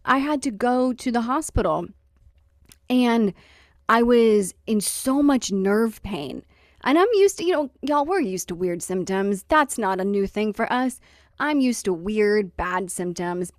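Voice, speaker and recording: A woman's voice: medium pitch, measured pace, no room sound, studio quality. A woman hosting a podcast, telling stories in a casual, wry way, acting out quotes and laughing along. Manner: lively, wry storytelling with acted-out quotes and laughter. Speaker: podcast host. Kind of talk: casual storytelling chat.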